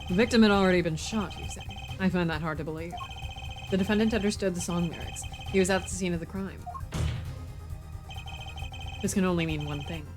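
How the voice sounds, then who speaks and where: A woman's voice: fairly low pitch, a little fast, pauses often, natural voice. A woman reading the lines of a smug male prosecutor in a confident, argumentative way, with game music underneath.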